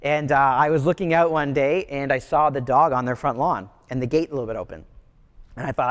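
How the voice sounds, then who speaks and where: High-voiced man preaching in a reverberant hall. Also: fast. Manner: conversational storytelling preaching. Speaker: pastor. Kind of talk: sermon.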